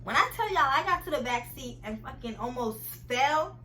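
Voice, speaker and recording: A young woman vlogger telling a casual storytime to her viewers, chatty and animated and often laughing. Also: sits high, moderate pace, slight background noise, low-quality recording.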